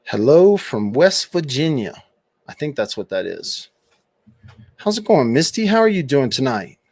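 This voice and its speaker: A man's voice: medium pitch, big pitch swings, measured pace, a little mellow, slightly rough, dry recording. Brief: middle-aged man, casual livestream host, teasing chat banter, dry close-mic sound. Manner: teasing, reads out and answers chat comments. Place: home room at a computer.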